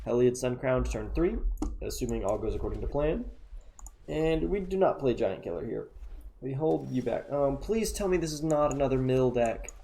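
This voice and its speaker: A man's voice: mid-range voice, expressive, normal speed, creaky, dark tone, slight background noise. A man casually commenting on his own card game as he plays, thinking aloud and joking at himself, tired and yawning at times. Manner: chatty, self-mocking, thinks aloud. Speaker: gameplay commentator.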